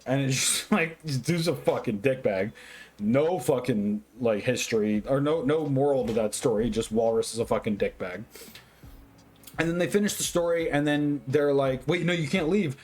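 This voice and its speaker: A man who has been drinking reviews a film in loose, rambling talk. He swears constantly and gets excitable, with a voice of ordinary male pitch. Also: moderate pace. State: tipsy, drinking. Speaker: movie reviewer. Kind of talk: casual drunk movie review.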